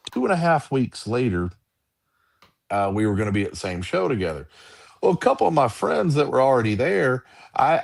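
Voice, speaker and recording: A man's voice: medium pitch, vocal fry, no room sound. A male wrestler being interviewed, telling stories casually, acting out other people's voices and laughing often. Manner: animated, acts out quoted voices, laughs often. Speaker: guest wrestler.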